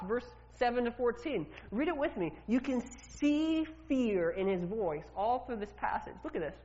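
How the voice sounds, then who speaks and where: A woman's voice: fairly high pitch, lively intonation, normal speed, few pauses, dark tone. A woman preaching a sermon in a loose, conversational way, asking the congregation questions and often repeating her words. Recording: reverberant hall, dull lo-fi sound.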